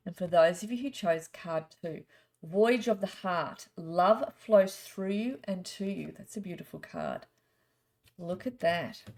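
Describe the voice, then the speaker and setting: Woman, middle-aged psychic, low gravelly voice, chatty rambling card reading. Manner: chatty, rambling, gently spiritual. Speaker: psychic reader. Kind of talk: casual storytelling and card reading.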